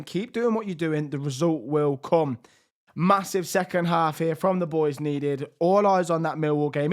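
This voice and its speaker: Young male game commentator, slightly high voice, strained, swings hushed to excited. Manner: lively, shifts between hushed and excited. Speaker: gaming YouTuber.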